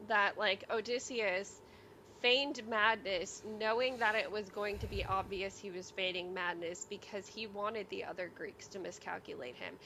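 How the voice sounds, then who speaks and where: Bright-voiced woman co-hosting a chatty podcast. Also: mid-range voice, slight background noise, rough recording. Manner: chatty, filler-heavy, reads book quotes aloud. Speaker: podcast co-host. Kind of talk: casual podcast chat about a novel.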